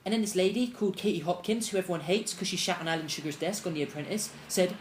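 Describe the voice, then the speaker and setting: Deadpan young man. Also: sits high, fast, hardly any pauses, slight background noise. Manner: deadpan, self-absorbed, rambling asides. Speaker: comedic character narrator. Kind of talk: deadpan comedic monologue.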